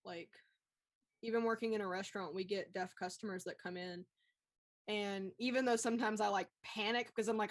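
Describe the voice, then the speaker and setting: A woman with a Southern American accent chatting casually as a livestream co-host, animated and laughing often. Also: mid-range voice, moderate pace. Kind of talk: casual chat.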